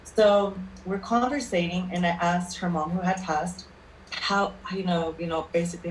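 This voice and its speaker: A woman's voice: fairly low pitch, steady tone, moderate pace. A woman working as a spirit medium, telling stories in a chatty way in a casual interview. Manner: chatty anecdotal storyteller, checks in with "okay?". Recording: roomy, distant mic, faint noise.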